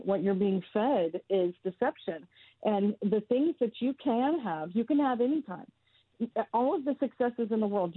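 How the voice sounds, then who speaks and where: A woman's voice: medium pitch, no echo. A woman in her fifties, a guest founder speaking earnestly and emphatically in an interview. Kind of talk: interview, advocacy talk. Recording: tinny phone-like line, dry.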